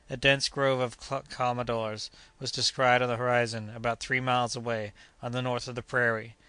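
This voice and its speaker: A man narrating an adventure novel as an audiobook, reading steadily and raising his voice for the characters' shouts. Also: mid-range voice, clean tone, dry recording. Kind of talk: scripted narration.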